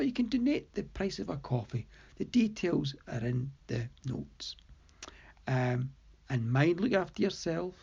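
A woman hosting a story podcast, narrating in a measured, deliberate way. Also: sits low, creaky, darkish tone, breathy edge, lo-fi sound.

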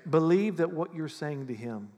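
Male pastor, animated conversational sermon, high voice, reverberant hall. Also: moderate pace. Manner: animated, acts out prayers in mock voices.

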